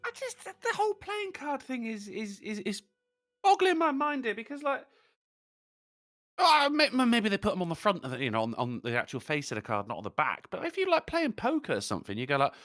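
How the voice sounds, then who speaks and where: A man's voice: on the high side, a bit bright, no echo. A man in casual, jokey podcast chat, swearing freely. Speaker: podcast co-host.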